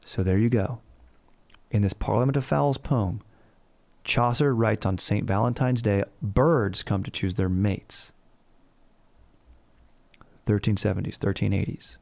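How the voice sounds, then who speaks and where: A man's voice: fairly low pitch, measured pace, vocal fry, long pauses, darkish tone, dry recording. A man hosting a casual comedic history show, rambling and slangy, cursing freely. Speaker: history podcast host.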